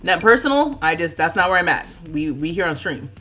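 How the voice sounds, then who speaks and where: A woman in her thirties chatting casually on a livestream while she plays, laughing often and thinking out loud. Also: lowish voice, sing-song, a little fast, faint music behind. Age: 30s. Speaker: streamer.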